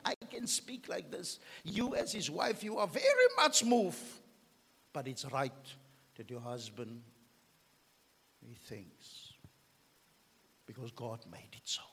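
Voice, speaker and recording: A man preaching a fiery sermon as pastor, swinging between shouts and hushed whispers. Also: mid-range voice, a little hiss or hum. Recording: long hall reverb.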